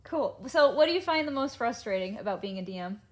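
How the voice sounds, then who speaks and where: A woman's voice: on the high side, expressive, fast. A woman interviewing a guest, asking questions and giving brief, upbeat replies. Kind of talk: casual interview.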